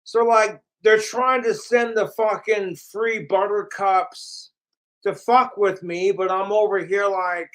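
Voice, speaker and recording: A man's voice: sits high, steady tone, takes it slowly, fairly bright tone, rough recording. A man ranting casually to camera, profane and mocking about his trolls. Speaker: vlogger.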